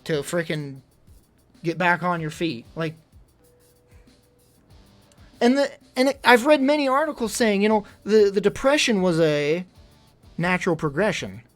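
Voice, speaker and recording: A man's voice: sits high, sing-song, a little slow, pauses often, faint music behind. A young man venting in casual livestream chat, rambling and exasperated, full of fillers.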